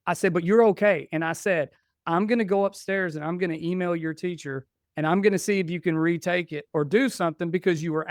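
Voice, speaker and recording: A middle-aged man speaks as a guest on a podcast, with a fairly high, smooth voice. He tells a family story in a heartfelt, conversational way. The recording is dry and close. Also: no room sound. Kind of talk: casual conversation, personal story.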